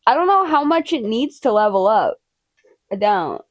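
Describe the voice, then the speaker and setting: A woman livestreaming in casual chat with her viewers, animated, swearing freely and talking to her dogs. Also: on the high side, moderate pace, lo-fi sound.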